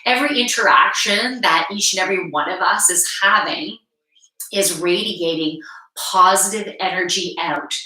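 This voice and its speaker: A woman's voice: lowish voice, moderate pace, bright, forceful tone. A woman chatting frankly on a live stream, giggling often and swearing casually. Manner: giggly, laughs often between phrases. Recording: roomy echo, mic at a distance.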